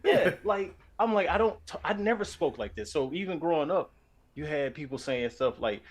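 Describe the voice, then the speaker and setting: A man from Louisiana, a voice actor, chatting on a stream in an articulate, animated way. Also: fairly high pitch, normal speed. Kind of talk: casual chat on a stream.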